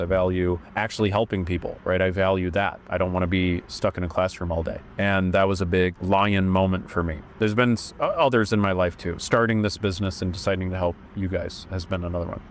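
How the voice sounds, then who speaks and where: A man's voice: fairly low pitch, slight background noise. A male mental health coach talking earnestly and conversationally to his viewers, often checking in with "right?". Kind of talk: reflective personal vlog monologue.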